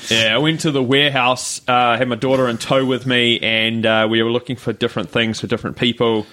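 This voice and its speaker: A man's voice: mid-range voice, flat delivery, fairly quick, pushed and bright. A man, co-hosting a podcast and telling a rambling story with many fillers. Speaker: podcast co-host. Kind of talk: casual chat.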